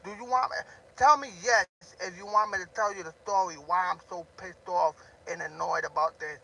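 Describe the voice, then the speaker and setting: A man ranting loudly on a live stream, talking straight to a viewer, amped up and always yelling. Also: sits high, fairly even intonation, brisk, creaky, poor audio.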